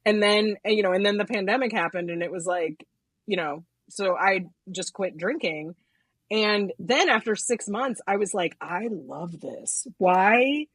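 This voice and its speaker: A woman co-hosting a podcast, chatting casually with halting restarts and frequent laughter. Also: medium pitch, fairly bright tone, breathy edge, no echo. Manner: halting restarts, laughs often, self-deprecating. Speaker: podcast co-host. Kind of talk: casual conversation.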